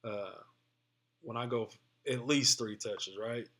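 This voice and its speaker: A man's voice: mid-range voice, slow, fairly bright tone. A man giving a casual screen-share tutorial, explaining informally and often asking "right?". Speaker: trading tutorial presenter.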